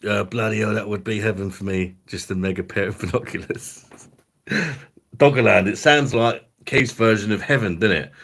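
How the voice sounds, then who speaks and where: A man's voice: lowish voice, creaky, a bit bright. Crude, jokey man live streaming. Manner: crude, jokey, laughing often. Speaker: livestream host. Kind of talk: casual live stream chat.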